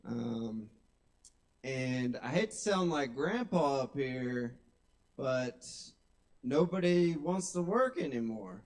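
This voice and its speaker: A young man doing deadpan stand-up comedy at a small open mic, drawling his setups and then snapping out his punchlines. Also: medium pitch. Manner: deadpan, drawn-out delivery with sudden loud punchlines. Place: small kava bar stage.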